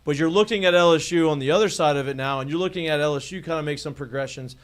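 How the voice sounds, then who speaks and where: A man's voice: on the high side, very fast, clear, resonant tone. A man co-hosting a sports podcast, chatting casually and asking long questions. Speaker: podcast co-host. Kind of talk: casual interview chat.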